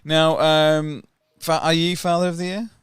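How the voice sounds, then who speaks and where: A man's voice: a little high, level tone, measured pace, clear, resonant tone, dry recording, studio quality. A man co-hosting a podcast, chatting bluntly with lots of swearing and laughter. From United Kingdom. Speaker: podcast co-host. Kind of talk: casual sweary banter.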